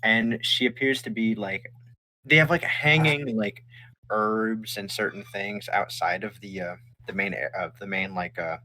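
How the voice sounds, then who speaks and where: A man's voice: on the low side, a little slow, bright, forceful tone, dry recording. A man running a tabletop game as game master, rambling with many fillers.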